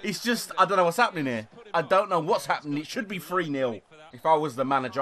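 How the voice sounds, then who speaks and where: A young man talks over his football video game match, his voice running a little high and leaping up and down in pitch as he gets excited. He shouts when his team scores and swears at the misses, close to a desktop microphone. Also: quick pace. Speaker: gaming YouTuber. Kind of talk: gameplay commentary. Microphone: desktop USB microphone.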